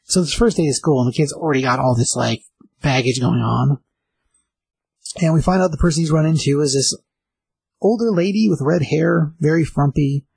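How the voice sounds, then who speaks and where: A man casually recapping a comic book page by page, rambling with lots of fillers and slipping into quick voices for the characters. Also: fairly high pitch, vocal fry, darkish tone, slightly rough, no room sound, poor audio.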